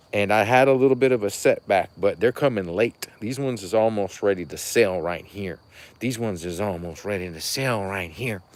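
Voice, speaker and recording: A man walks through his outdoor plant nursery after dark, talking to viewers about his trees. He rambles in a chatty, folksy way. His voice drifts off the handheld camera's mic now and then. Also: lowish voice. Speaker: rare fruit tree grower and seller. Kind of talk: casual walking tour, talking to viewers.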